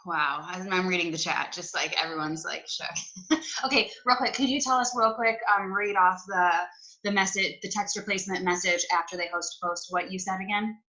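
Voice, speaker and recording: A woman's voice: lowish voice, steady tone, normal speed, sharp tone, low-quality recording. Bubbly, gushing woman host. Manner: bubbly and gushing, with lots of fillers. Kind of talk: live-stream interview.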